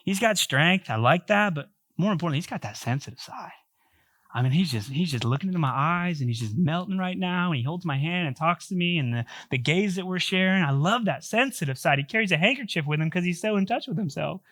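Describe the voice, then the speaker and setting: A man's voice: fairly high pitch, animated, brisk, a bit bright, no room sound. A man playing a dreamy, smitten young woman. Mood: swooning.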